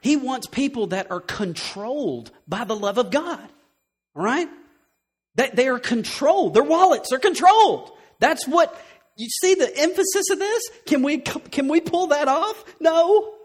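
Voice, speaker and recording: Man, pastor, sermon, high voice, animated, emphatic, rhetorical questions. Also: measured pace.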